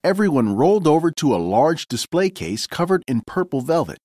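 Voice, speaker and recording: A man narrating a children's storybook read-aloud with expressive, clear storytelling. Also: on the high side, a little fast, no echo, clean studio sound.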